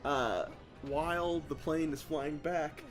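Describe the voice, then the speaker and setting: A man's voice: a little high, slow, faint music behind. A man co-hosting a comedy podcast, telling an improvised story and laughing at his own jokes.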